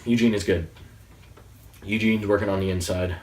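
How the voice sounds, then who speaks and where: A man in his late teens giving a casual, excitable, rambling review of a TV episode. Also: lowish voice, normal speed. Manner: excitable, rambling, with frequent restarts. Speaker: movie reviewer. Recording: roomy sound, distant from the mic.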